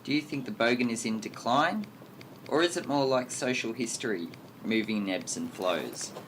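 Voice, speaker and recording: A man hosting a radio interview, asking scripted questions in a measured, formal way. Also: medium pitch, a bit bright, a little hiss or hum.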